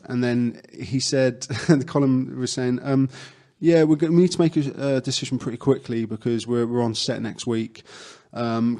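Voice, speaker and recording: A man's voice: medium pitch, a little mellow. A young adult man, an actor guest, chatting casually in an interview and telling stories with lots of fillers and restarts.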